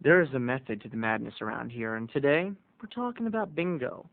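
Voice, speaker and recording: A man's voice: medium pitch, sing-song, fairly quick, vocal fry. A man spins a comic family tale for his vlog with theatrical, dramatic flair. His voice sits mid-range, and the recording is thin and band-limited, like a phone line. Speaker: video blogger.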